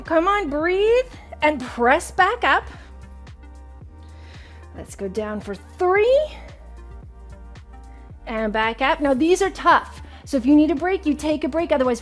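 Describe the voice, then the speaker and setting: A woman hosting a home workout show, guiding viewers through push-ups and stretches with encouragement, a little out of breath. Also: high voice. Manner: encouraging, counting reps aloud with laughs. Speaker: fitness instructor and host. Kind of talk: guided home workout instruction.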